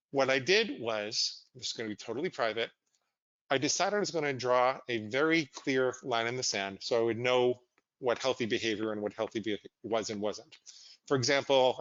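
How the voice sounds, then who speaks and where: A man's voice: mid-range voice, fairly bright tone, no echo, muffled recording. Candid, self-deprecating male psychologist guest. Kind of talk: conversational interview storytelling.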